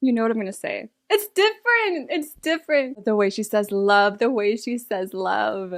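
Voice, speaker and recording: A woman chatting excitedly and laughing as she reacts to an album. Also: medium pitch, moderate pace, creaky. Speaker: music reaction streamer. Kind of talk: casual reaction commentary. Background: faint pop music.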